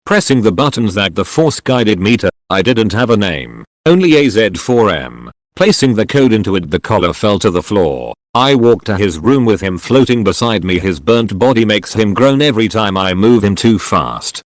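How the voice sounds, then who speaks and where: A man narrating a first-person audiobook in an animated storytelling manner with dramatic swings, recorded on a close studio mic. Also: on the low side, moderate pace, no echo.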